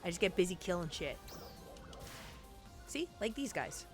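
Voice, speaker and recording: Speaking in a lowish, sing-song voice, a woman takes her time as she comments casually on the online game she's streaming. She exclaims often, and game music plays faintly behind her.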